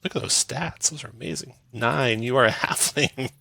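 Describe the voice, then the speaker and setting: Game master, man, gravelly and bright, dry close sound, chatty and quick. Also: mid-range voice, no echo. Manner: quick, chatty, laughs often. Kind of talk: running a tabletop game online.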